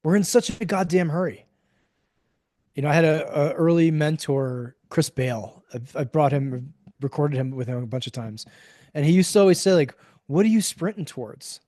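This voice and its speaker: A man's voice: fairly high pitch, moderate pace, warm tone, no echo, studio quality. A man speaking as a podcast guest, talking emphatically, acting out quoted voices and swearing casually. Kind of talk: conversational interview.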